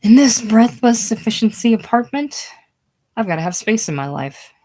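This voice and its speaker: A woman reading as a high-strung romantic teacher. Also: moderate pace, a little mellow, rough recording. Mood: indignant. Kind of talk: casual play reading.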